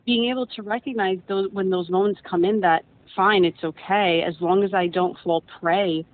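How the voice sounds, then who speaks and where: A woman's voice: steady tone, moderate pace. A woman guest telling her own story in a rambling, earnest way, often repeating words as she gathers her thoughts. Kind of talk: casual personal storytelling. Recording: tinny phone-like line with faint rumble.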